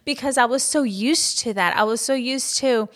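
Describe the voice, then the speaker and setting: A woman's voice: fairly high pitch, moderate pace, fairly bright tone. A young woman giving an earnest, encouraging personal faith talk, with casual fillers. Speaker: Christian vlogger sharing a testimony.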